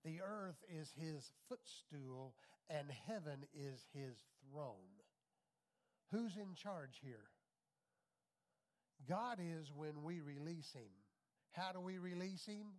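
Pastor, male, middle-aged, raised pitch, emphatic call-and-response preaching. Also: expressive, slow pace, long pauses. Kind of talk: sermon.

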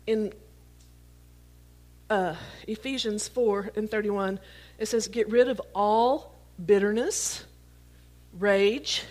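A woman's voice: medium pitch, slow pace, long pauses, a little mellow. A woman preaching a sermon to a congregation, reading scripture and joking as she catches props. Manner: playful, talks to the congregation, jokes while catching props. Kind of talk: sermon with a live prop illustration.

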